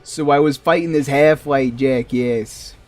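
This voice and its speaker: Guy doing a loud brash new yorker, gruff and swaggering, slow and drawn out. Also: mid-range voice, natural voice. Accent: New York, put on. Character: brash male New Yorker, tough-talking.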